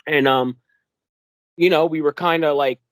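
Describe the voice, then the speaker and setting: A young man from New York telling a wilderness story in an animated way, acting out the voices of the people in it and using lots of fillers. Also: fairly high pitch, a little slow, dry recording. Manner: animated, acts out quoted dialogue in a raised voice, many fillers. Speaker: guest telling his encounter. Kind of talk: casual storytelling interview.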